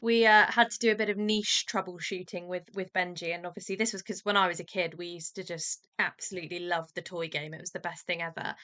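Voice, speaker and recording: Bright-voiced chatty woman host. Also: medium pitch. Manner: chatty, jokey storyteller who acts out the dog's replies. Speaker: podcast host. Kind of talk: casual podcast chat.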